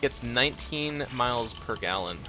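A man co-hosting a casual gaming podcast who chats and tells jokes in a matter-of-fact, deadpan way. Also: medium pitch, moderate pace. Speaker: co-host.

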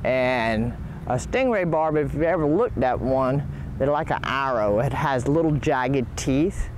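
A man's voice: medium pitch, expressive, measured pace. A man who farms clams, telling a story in a matter-of-fact interview outdoors. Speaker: clam farmer. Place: outdoors by the water. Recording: outdoor noise behind.

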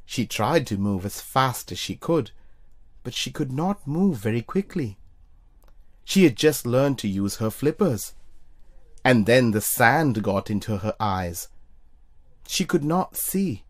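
A narrator reading a children's storybook aloud in an expressive way. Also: slow pace, long pauses. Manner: expressive, puts on high squeaky voices for characters. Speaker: storybook reader for young children.

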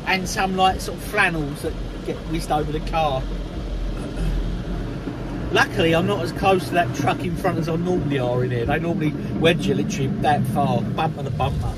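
This time the English vlogger's voice sits fairly high, moving at normal speed with frequent pauses. Still in his car at the automated car wash, he keeps up a chatty, jokey vlog, addressing viewers as "people" and "mate" while the wash roars behind him.

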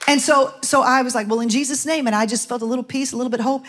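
A woman's voice: high-pitched, steady tone, rapid-fire, a bit bright. A middle-aged woman pastor, preaching a sermon and telling a personal story with chatty asides to the congregation. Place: church sanctuary.

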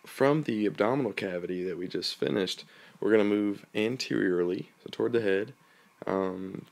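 Nasal, stuffy-voiced male teacher, gravelly. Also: deep voice. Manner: relaxed, with many ums and restarts. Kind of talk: recorded lecture over slides.

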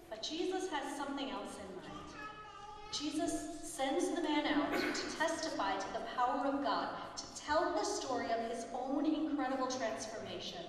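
A woman pastor preaching a sermon, telling the story with lively quoted voices. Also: sits high. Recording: echoey hall, distant mic, faint background noise.

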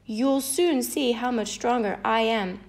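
A woman's voice: on the high side, a little slow, creaky, a little mellow. A woman voicing the bragging north wind. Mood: boastful. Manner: bragging, jeering. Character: boastful swaggering male north wind.

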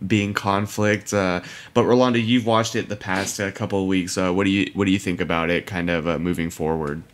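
A man's voice: low voice, steady tone, a little fast. A young man co-hosting a casual podcast, rambling with many fillers and laughing at himself. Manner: rambling, lots of fillers, admits being drunk. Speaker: podcast co-host. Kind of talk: casual chat.

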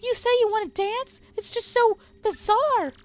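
A woman doing a gentle young princess with a very high, bright, sweet voice. She speaks dreamily in a video game dub. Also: normal speed. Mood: flustered.

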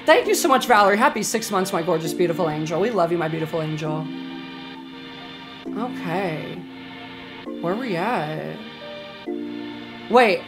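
A woman's voice: lowish voice, animated, measured pace, long pauses. A young woman live-streaming a game, chatting with her chat, a little tipsy, swearing and shrieking when startled. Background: game music.

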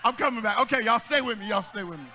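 A pastor preaching to his congregation in a very high, ringing voice. He talks to the room in call-and-response style, builds into shouts, and drops in jokes, with a bright, forceful edge. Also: very fast. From United States. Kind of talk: energetic Black church sermon. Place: church sanctuary with congregation.

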